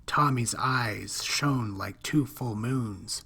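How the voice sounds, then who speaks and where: Man, horror story reader, husky, breathy, very slow, hushed. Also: medium pitch. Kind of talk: scripted horror narration.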